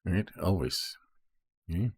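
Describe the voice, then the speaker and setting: A man's voice: low-pitched, animated, slow pace, breathy edge, no room sound, studio quality. A man reading Bible verses aloud and explaining them in a casual teaching style, checking in often with "okay?" and "right?".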